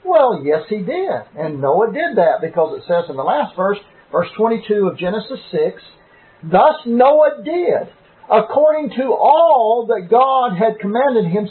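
Male preacher with a high voice, teaching a deliberate, emphatic Bible lesson; tinny, phone-like audio. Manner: deliberate, emphatic on key words.

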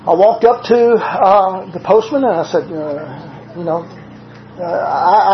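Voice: medium pitch, a little hiss or hum. Southern-accented preacher in a roomy hall. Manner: measured, slows down to stress quoted scripture; conversational asides with frequent "uh" fillers. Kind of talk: sermon. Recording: roomy, dull lo-fi recording.

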